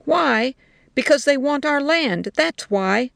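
Woman doing hostile male soldiers, shouting, blunt, gravelly, dry close sound. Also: medium pitch, unhurried, dry recording. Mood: scornful.

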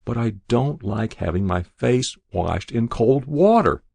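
A stubborn, sharp-tongued old woman on her deathbed, peevish and quick to scold, as a male narrator reads her. The voice sits fairly low and creaky, yet swings widely in pitch. It sounds dry and close, with no room around it. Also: lively intonation, no room sound. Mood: fretful. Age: older.

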